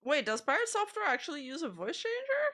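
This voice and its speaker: Bright-voiced woman streamer chatting. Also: high-pitched, huge pitch swings, fast talker. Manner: chatty, rambling, trails off mid-sentence. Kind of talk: casual chat reacting to videos.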